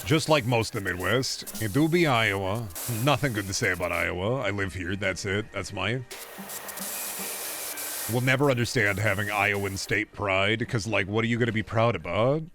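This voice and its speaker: A man's voice: fairly low pitch, moderate pace, over music. A man streaming a game, ranting casually in a rambling, sarcastic and profane way. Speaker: gaming streamer. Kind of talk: casual ranting chat while playing.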